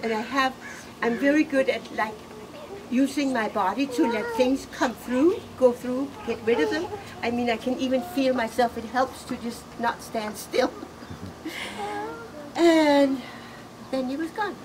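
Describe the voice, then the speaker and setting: A middle-aged woman giving a personal eulogy, halting and emotional, laughing through tears. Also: sits high, far from the mic. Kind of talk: personal eulogy, casual storytelling. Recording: noisy room ambience.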